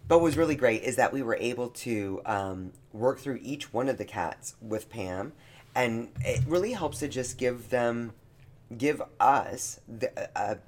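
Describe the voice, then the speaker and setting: A man talks earnestly on a casual podcast, and his feeling comes through as he speaks. His voice sits at an ordinary middle pitch for a man. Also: expressive, a little slow. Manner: earnest, heartfelt. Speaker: podcast co-host. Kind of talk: casual chat.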